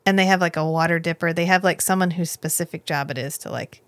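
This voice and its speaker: Woman, podcast co-host, casual recap, acts out lines, lower voice, dry sound. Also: fast, dry recording. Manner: animated, swears freely, acts out characters' lines. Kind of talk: casual chat recapping a miniseries.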